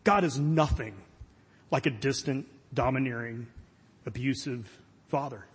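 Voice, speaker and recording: This middle-aged pastor from Florida speaks at a measured pace with a medium-pitched, slightly rough voice. In a long hall reverb, he preaches earnestly and conversationally, with gentle self-deprecating humor.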